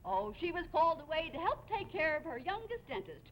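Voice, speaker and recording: A woman's voice: extremely high pitch, big pitch swings, brisk. A woman playing a rigid, commanding female pack leader of girl rangers in a comedy sketch, heard over a noisy TV broadcast with a studio audience. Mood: stern. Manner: stiff, military, commanding. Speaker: comic actress in a TV sketch.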